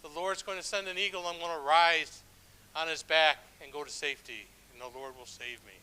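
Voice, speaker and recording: A stubborn old woman holds her ground with calm insistence, voiced by a man telling the story. The voice is bright and ringing, and it sits a little high. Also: brisk, clear, resonant tone, poor audio. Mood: insistent.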